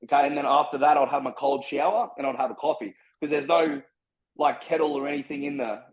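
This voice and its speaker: A young Australian man, a personal trainer, telling his story in casual chat, blunt and full of swearing. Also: on the high side. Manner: blunt, heavy swearing, fast and driven. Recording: slightly dull lo-fi sound.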